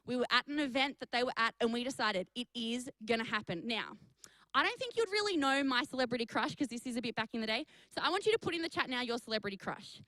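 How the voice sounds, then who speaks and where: A young woman, a youth pastor, telling a story to young people on a live stream, chatty and energetic, speaking to the chat. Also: on the high side, quick pace, dry recording, low-quality recording. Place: studio for an online youth stream.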